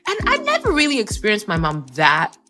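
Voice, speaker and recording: A woman telling a personal story on a podcast in an animated, conversational, self-mocking way. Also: mid-range voice, fairly quick, soft background music.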